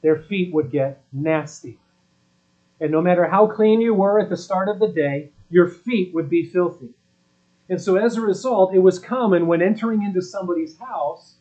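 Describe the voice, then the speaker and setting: A man's voice: fairly high pitch, mellow. A man preaching a sermon as pastor, speaking emphatically and asking his listeners rhetorical questions. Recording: dull lo-fi recording.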